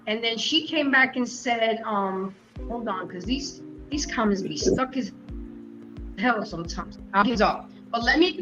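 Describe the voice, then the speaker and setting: Woman host, high voice, emphatic panel talk, slightly muffled lo-fi audio. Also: a bit bright. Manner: emphatic and storytelling. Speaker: show host. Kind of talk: casual panel debate.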